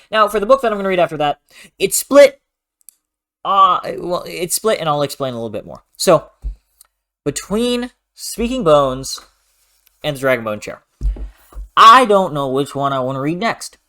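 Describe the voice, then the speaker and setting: A man hosting a casual book vlog, talking in a playful, animated, rambling way, often correcting himself and clearing his throat. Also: a little high, normal speed. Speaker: book reviewer, channel host.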